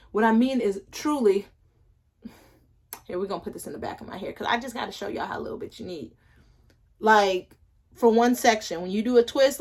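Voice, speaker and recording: Chatty woman reviewing hair products. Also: a little high. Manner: chatty, rambling, playful asides to viewers. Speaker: hair care vlogger. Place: home.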